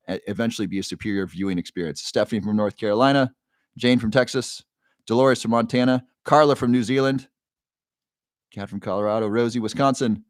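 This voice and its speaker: A man's voice: on the low side, no room sound, studio quality. A man hosting a live stream, cheerfully greeting viewers by name and reading their comments aloud, with frequent fillers. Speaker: livestream host. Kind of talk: casual livestream chat, reading viewer comments. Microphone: new microphone.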